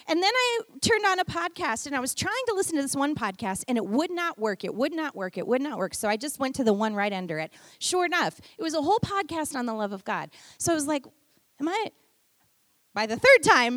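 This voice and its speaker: A middle-aged woman with a high voice preaches in a storytelling way, dropping to near-whispers and then rising to emphatic peaks. The sound is close and dry, with no room echo. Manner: warm storytelling, swings from hushed to emphatic. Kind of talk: sermon.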